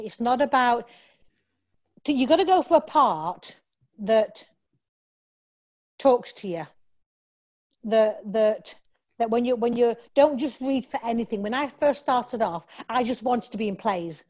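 Woman, slightly high pitch; talkative actress, animated storyteller prone to restarts. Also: a little slow, pauses often. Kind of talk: casual interview.

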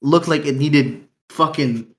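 A young man co-hosts a loose, unplanned podcast, his voice on the high side and his pace slow, in a room with an echo. He rambles in slang, swears freely and laughs a lot.

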